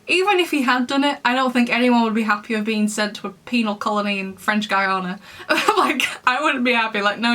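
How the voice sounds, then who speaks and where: Chatting casually about books she read, a young woman reviews them in a medium-pitched, slightly bright voice. Her talk is full of giggles, rambling, and fillers.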